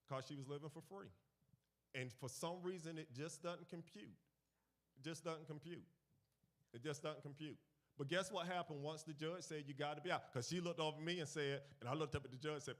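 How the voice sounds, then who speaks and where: A man's voice: fairly high pitch, normal speed. Guy preaching to a church crowd, repeats his lines, gets the room to say it back. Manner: repeats key phrases, rallies the congregation; animated storytelling, swings from quiet to loud. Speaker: church teacher leading a finance talk. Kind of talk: sermon with call-and-response. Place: church gathering.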